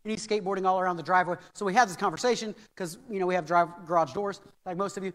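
A man's voice: high-pitched, fairly even intonation, very fast, few pauses, fairly bright tone. An American man preaching a sermon as pastor, earnest and anecdotal, repeating key phrases for emphasis. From United States. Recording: reverberant hall.

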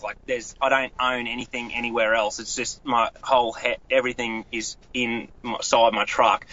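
A man with an Australian accent talks in a casual podcast chat, rambling and restarting his sentences. His voice is bright and forceful, and the recording is a little dull and lo-fi. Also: mid-range voice. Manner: rambling storyteller with many restarts. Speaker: guest angler.

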